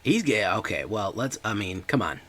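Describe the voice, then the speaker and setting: Deep-voiced man commenting on a card game. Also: big pitch swings, moderate pace, a bit bright. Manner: joking, chatty, talks to chat. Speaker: streamer and card game content creator. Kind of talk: casual gameplay commentary.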